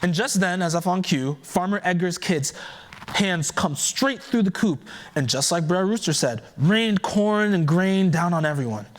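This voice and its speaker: A man telling a folktale aloud at a keynote, in a relaxed, conversational way with offhand asides. His voice sits a bit above the typical male range. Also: sits high, measured pace. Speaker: keynote speaker. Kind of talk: oral storytelling.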